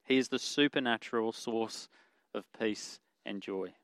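A man preaching a sermon in an earnest, conversational way, pausing with fillers and correcting himself, and dropping softer when he quotes scripture. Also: on the low side, no room sound. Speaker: pastor.

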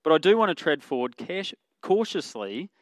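A man's voice: fairly high pitch, big pitch swings, moderate pace, dry recording. Earnest man preaching, dry close sound. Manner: earnest, conversational preaching with fillers and self-corrections. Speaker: pastor. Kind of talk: sermon.

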